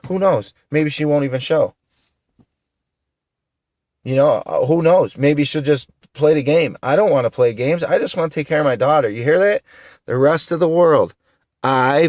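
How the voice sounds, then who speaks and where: A vlogger in his thirties from upstate New York vents to the camera, upset and indignant, tearful and repeating himself. His voice is a little high at a normal pace, recorded with studio quality and no room sound.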